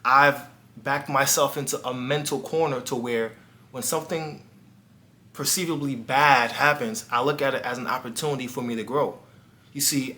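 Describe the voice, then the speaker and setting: Man, life coach, earnest motivational storytelling, crisp bright tone, speaks straight to the viewer. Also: medium pitch, slight background noise. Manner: earnest, talks straight to the viewer, acts out dialogue.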